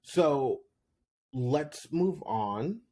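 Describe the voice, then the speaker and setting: A man hosting his own podcast, recapping reality TV episodes in a chatty, candid way, with quick laughs and sudden jumps up in pitch. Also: animated, dark tone. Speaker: podcast host. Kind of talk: solo recap commentary.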